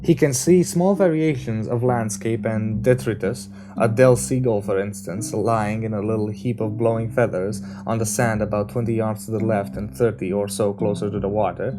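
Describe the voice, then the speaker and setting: A man reading a novel aloud as an amateur audiobook, narrating in a steady, measured way. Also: on the low side. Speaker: reader. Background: guitar music.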